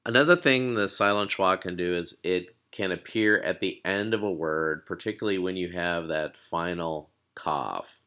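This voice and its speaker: A man's voice: deep voice, moderate pace, hardly any pauses, pushed and bright. A man teaching a recorded language lesson, explaining patiently with fillers and repeated words.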